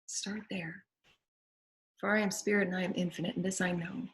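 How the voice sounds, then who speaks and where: A woman's voice: lowish voice, flat delivery, normal speed. A woman with a Southern US accent hosting a spiritual show, leading guided affirmations and prayer in a repetitive, incantatory way.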